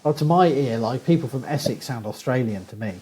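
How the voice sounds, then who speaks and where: A man's voice: mid-range voice, animated, a little fast, dark tone, husky, poor audio. A middle-aged man with a Southern English accent, a guest archaeologist telling chatty anecdotes with frequent laughs in a casual podcast conversation. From southern England.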